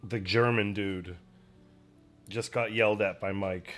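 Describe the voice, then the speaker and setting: A man's voice: fairly low pitch, fairly even intonation, measured pace, a bit bright. A young adult man streaming from home, chatting casually while he paints, in a rambling, self-deprecating way. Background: faint music.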